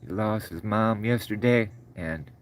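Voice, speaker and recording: A middle-aged man with a low-pitched voice chats with his livestream viewers in a loose, folksy ramble, calling them brother and sir. His voice keeps catching as though he's choked up. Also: a little slow, slight background noise. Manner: choked up, voice breaking. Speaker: livestream host. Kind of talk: casual livestream chat.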